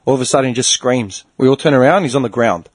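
In a husky, medium-pitched voice, a man hosting a podcast rattles through a long story at a fast clip. The chat is casual, and he's animated, swearing and acting out each person involved.

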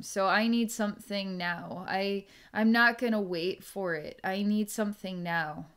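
Smooth-voiced woman giving a psychic reading. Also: mid-range voice. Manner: musing, halting, thinking aloud with restarts. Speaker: psychic reader. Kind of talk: remote psychic energy reading.

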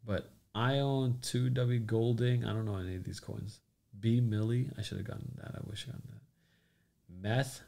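A man's voice: on the low side, fairly even intonation, normal speed, vocal fry, warm tone. A man hosting a crypto livestream in a casual chat, loosely joking and greeting commenters by name.

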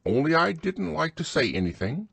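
A man voicing a fussy, bossy male rabbit in a storybook reading, with a husky voice and stern, chattering talk. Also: sing-song, moderate pace, a bit bright, no room sound, exaggerated voice. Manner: stern, chattering, raised pitch.

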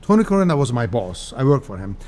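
A man in his sixties from Cyprus, telling stories as a guest in a casual interview, animated and laughing often. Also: medium pitch, fast talker. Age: 60s.

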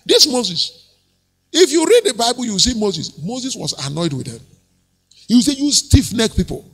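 A male pastor preaching an animated sermon, acting out quoted voices and chuckling often. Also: extremely high pitch, measured pace, slightly rough, big-room sound.

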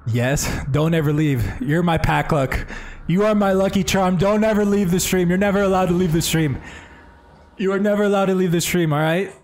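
A man's voice: high-pitched, normal speed, a little mellow, slight background noise. A man streaming a video game live, talking casually and enthusiastically to his chat from home. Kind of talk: live gameplay commentary.

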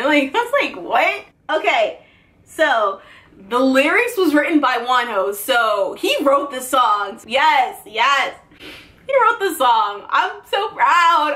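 A woman's voice: high voice, sing-song, a little slow, fairly bright tone. A woman vlogger giving a giddy, gushing reaction commentary, laughing often and crying out.

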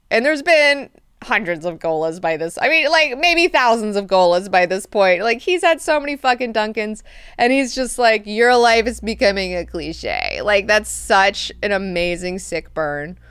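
A woman hosting an online book club, recapping chapters in an animated, enthusiastic way and swearing freely. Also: mid-range voice, a little slow, smooth, no echo, clean studio sound. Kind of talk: casual book discussion.

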